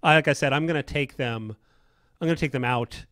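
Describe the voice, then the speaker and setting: Talking briskly in a fairly bright, medium-pitched voice, a male lead game designer rambles happily through a casual livestream chat. He keeps restarting sentences and leaning on fillers. The studio-quality recording has no room sound.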